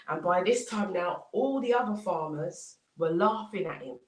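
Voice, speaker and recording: A woman's voice: on the low side, animated, normal speed. A woman motivational speaker telling an inspirational story with dramatic repetition. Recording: roomy, distant mic.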